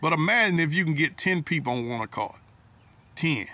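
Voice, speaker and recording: A man's voice: fairly high pitch, lively intonation, a little fast, bright, forceful tone. A man preaching an informal sermon to brothers and sisters, telling personal stories in a folksy way with dialect grammar and repeated words. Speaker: lay preacher.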